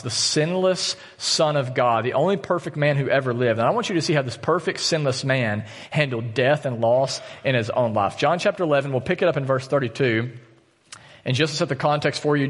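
Male pastor preaching an earnest sermon; average pitch, reverberant auditorium sound. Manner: earnest, direct appeals to the congregation. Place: church auditorium. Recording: long church hall reverb.

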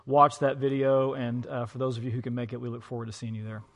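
A man's voice: medium pitch, little pitch movement, quick pace, fairly bright tone, highs cut off. A man pastor co-preaching an online sermon in an empty church, easygoing and joking, with fillers. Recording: long reverb of an empty hall.

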